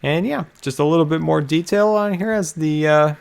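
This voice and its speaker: Gravelly-voiced man chatting through a game build. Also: on the high side, normal speed. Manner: chatty, musing aloud, repeats phrases, chuckles. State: a little out of breath. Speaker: Minecraft YouTuber. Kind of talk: casual gameplay tutorial commentary.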